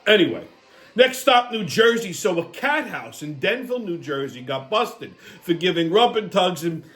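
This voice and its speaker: A man's voice: fairly high pitch, very animated, moderate pace, a bit bright, soft background music. A middle-aged man hosting a profane, combative rant that keeps jabbing "okay?" at the listener. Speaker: host. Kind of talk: ranting commentary.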